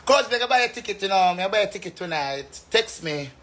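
A man's voice: high-pitched, expressive, fast talker, fairly bright tone, a little hiss or hum. A man with a Jamaican accent chatting casually and animatedly, breaking into laughter often and singing phrases. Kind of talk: casual live chat.

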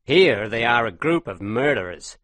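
A man reading an audiobook, voicing a grim old man who warns slowly. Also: mid-range voice, sing-song, fairly bright tone, no room sound. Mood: grave. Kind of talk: audiobook character voice.

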